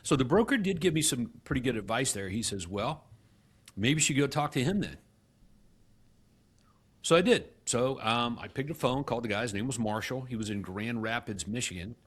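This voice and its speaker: A middle-aged man, a guest in an interview, telling his story with animated acted-out dialogue and frequent restarts. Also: medium pitch, moderate pace, slightly rough. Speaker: guest, real estate company CEO.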